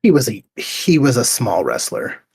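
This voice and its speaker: A middle-aged man telling stories in a casual chat, acting out heated exchanges with lively quoted voices. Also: medium pitch, normal speed, gravelly, husky. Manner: animated storyteller, acts out heated quotes. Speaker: podcast co-host.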